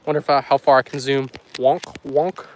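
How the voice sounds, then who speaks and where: A man hosts a casual weather livestream outdoors by a countryside road, rambling and joking with his chat while walking and filming on a handheld phone. His voice is medium-pitched and steady at a normal speed.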